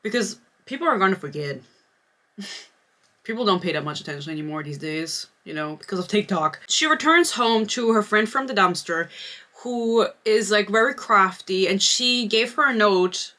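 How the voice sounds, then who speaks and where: A young woman talks straight into a close mic with a bright, sharp voice. She reviews a book in casual chat, dry and sarcastic, swearing freely and poking fun at what she read. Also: mid-range voice, lively intonation, normal speed.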